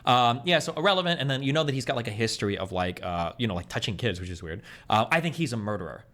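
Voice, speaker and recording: A man streaming, venting in fast, profane, exasperated casual chat. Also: mid-range voice, expressive, fairly bright tone. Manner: rapid, profane, exasperated ranting.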